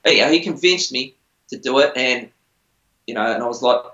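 Heard in a roomy, dull lo-fi recording, this middle-aged man talks at normal speed with a sharp tone to his mid-range voice. The musician, known from a TV singing show, tells meandering, chatty stories and pokes fun at himself in a casual interview.

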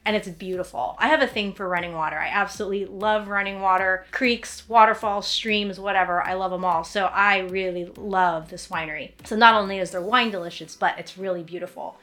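A woman's voice: mid-range voice, fairly even intonation, brisk, few pauses, bright, forceful tone. A woman hosting an author commentary segment, chatting casually and enthusiastically. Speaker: author and host. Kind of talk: casual chat.

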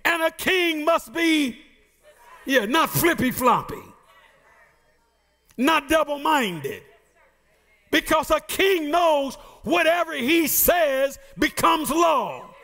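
High, bright-voiced shouting preacher. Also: male voice, expressive, takes it slowly, pauses often. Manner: shouting, sing-song preaching with playful asides. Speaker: pastor. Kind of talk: sermon.

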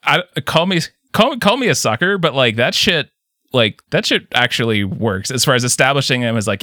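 A man's voice: mid-range voice, expressive, moderate pace, sharp tone, no room sound, studio quality. A man co-hosting a casual movie podcast, emphatic and freely swearing as he makes his points. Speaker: podcast co-host. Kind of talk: casual film discussion.

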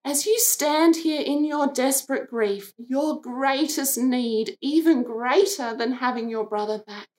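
A woman delivers a devotional sermon in a gentle, earnest way. Her voice sits a little high, and she takes her time, letting each short phrase land before going on. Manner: slow, gentle and earnest, briefly acting out the sisters' lines. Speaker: preacher.

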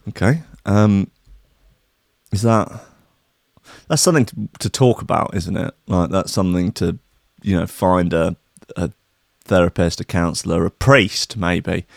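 A man's voice: low voice, unhurried, creaky, no room sound, studio quality. A man hosting a casual comedy show, talking in a sweary, rambling and sarcastic way. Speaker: host.

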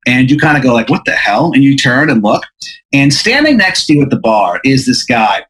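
A man's voice: mid-range voice, very animated, a little fast, fairly bright tone, low-quality recording. A man hosting a podcast, improvising a comic hypothetical story with a rambling, filler-heavy delivery. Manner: rambling, lots of fillers, laughs mid-sentence. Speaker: podcast host.

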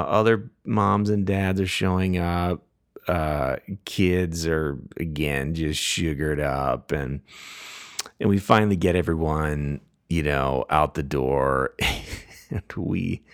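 A middle-aged man hosting a podcast, telling a family story casually with frequent laughs and lively voices for the people he quotes. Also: a bass voice, a little slow, vocal fry, dry recording, clean studio sound. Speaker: podcast host.

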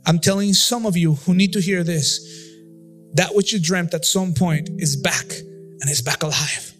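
A male pastor leads an impassioned altar-call prayer in a church, repeating phrases and drifting into a half-sung cadence. His voice sits high for a man. Instrumental music plays clearly underneath him. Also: moderate pace, a bit bright.

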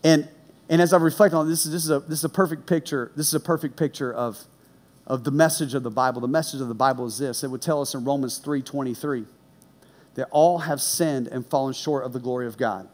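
A man preaching a sermon, telling a personal story with lively, animated delivery that drops low and quiet for serious points. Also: brisk. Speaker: pastor.

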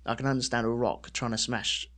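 A man's voice: mid-range voice, level tone, brisk, a bit bright. A man co-hosting a casual podcast chat, rambling and joking. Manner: chatty, jokey, rambling. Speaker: podcast co-host.

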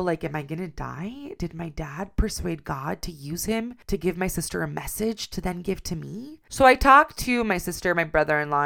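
Earnest woman with a gravelly voice. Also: low-pitched, fairly bright tone. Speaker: storyteller. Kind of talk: personal story narration.

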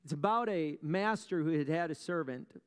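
A pastor preaches a sermon in a big church hall, his somewhat high, animated, clear voice resonant and ringing with a long echo. He tells stories with dramatic pauses, asks rhetorical questions, and offers wry asides to the congregation.

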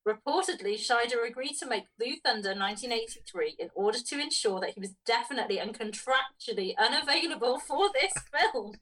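A woman's voice: on the high side, animated, fairly quick, few pauses, pushed and bright. A woman co-hosting a podcast, reading out film trivia in a matter-of-fact way. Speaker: podcast co-host. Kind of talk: casual film podcast chat. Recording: voice a bit distant from mic.

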